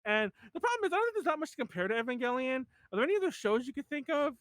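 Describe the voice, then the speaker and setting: A man's voice: extremely high pitch, very animated, racing, a bit bright, no echo. A man hosting a podcast in casual chat, rambling with many fillers and restarts. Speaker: podcast host.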